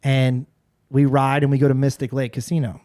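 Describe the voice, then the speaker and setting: A man in his forties, a podcast guest and former radio personality, telling a story in a casual, animated way with frequent restarts. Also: medium pitch, moderate pace.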